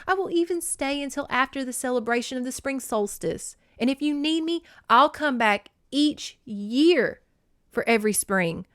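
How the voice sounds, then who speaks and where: A woman's voice: on the high side, fairly bright tone, dry recording, studio quality, voice pushed up. A woman voicing a young goddess who stands up to her mother, speaking earnestly and firmly. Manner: earnest, firm, pleading. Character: defiant young goddess, newly grown woman.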